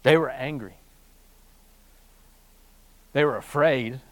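A man preaching a sermon, swinging between hushed, slow passages and loud, fast bursts, with humorous asides. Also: mid-range voice. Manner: animated storytelling with humorous asides. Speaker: pastor.

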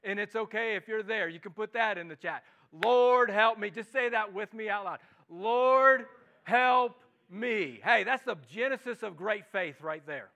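A man with a Midwestern American accent preaching an earnest sermon at a church service, repeating words and rising to loud pleas. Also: sits high, fairly quick, gravelly, few pauses. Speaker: pastor.

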